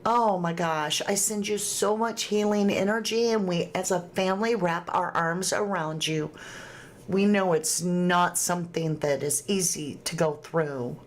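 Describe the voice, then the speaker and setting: A woman's voice: on the low side, measured pace. A woman hosting a casual livestream, chatting and reading viewer comments aloud with frequent laughs. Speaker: true crime livestream host.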